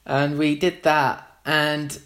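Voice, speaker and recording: A man's voice: on the high side, flat delivery, takes it slowly, fairly bright tone. A man, a musician, telling a long casual anecdote in a rambling way, full of fillers and restarts.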